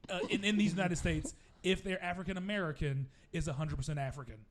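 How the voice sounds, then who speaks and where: A man's voice: high voice, steady tone, fast talker, background noise. A man co-hosting a comedy podcast, talking casually, laughing often and explaining at length. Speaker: podcast co-host.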